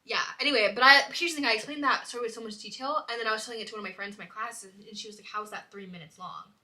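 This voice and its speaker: A woman's voice: fairly high pitch, rapid-fire, pushed and bright. A young woman hosting a casual chat, rambling animatedly and saying "like" constantly. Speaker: host.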